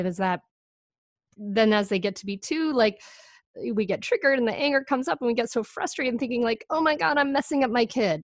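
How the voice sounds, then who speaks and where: A woman hosting a podcast in casual conversation, animated and relatable, using lots of fillers. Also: medium pitch, dry recording, studio quality. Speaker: podcast host.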